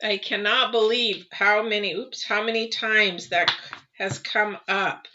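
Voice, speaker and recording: A woman's voice: medium pitch, fairly even intonation, measured pace. A woman reading tarot cards live for viewers, chatty and rambling, with many ums and restarts. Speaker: tarot reader. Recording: dull lo-fi with clear background noise.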